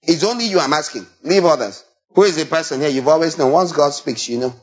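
A man preaching a sermon, animated and full of rhetorical questions, now and then imitating sheep and shepherd calls. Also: fairly high pitch, quick pace. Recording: dull lo-fi recording.

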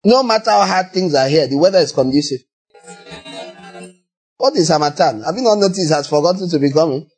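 A man with a Nigerian accent preaching a sermon, animated and acting out little scenes in other voices. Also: fairly high pitch, brisk, pauses often, slightly rough, faint music behind.

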